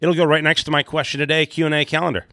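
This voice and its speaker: A man's voice: on the high side, little pitch movement, rapid-fire, pushed and bright, no echo, clean studio sound. A man answering quiz questions in casual chat, often hedging before he answers. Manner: hedging, starts with "I would assume".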